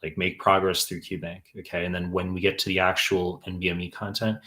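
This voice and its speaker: A man's voice: sits low, flat delivery, brisk, sharp tone. A young man tutoring for medical exams on a live stream, reading out chat questions and answering in a blunt, profane, rambling way. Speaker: exam tutor.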